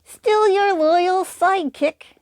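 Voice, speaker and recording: A woman's voice: no echo, clean studio sound. A woman voicing a perky little puppet sidekick that chirps in cheeky answers. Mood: chirpy. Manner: chirpy, cheeky, high and slow.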